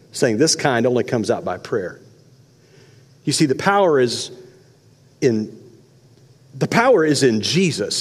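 Animated preaching man, echoing hall. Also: fairly high pitch. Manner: animated, conversational preaching with sudden loud and soft swings. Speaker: pastor. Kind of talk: sermon.

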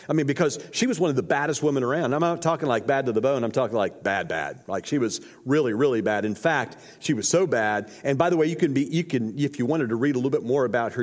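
A man's voice: mid-range voice, a little mellow. A man preaching a sermon, retelling scripture in a casual, slangy storytelling way. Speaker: pastor. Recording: long hall reverb.

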